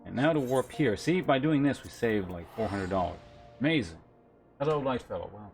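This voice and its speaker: A man streaming a game and chatting casually, relaxed and rambling, often trailing off. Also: mid-range voice, brisk, creaky, soft background music. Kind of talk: casual let's-play commentary.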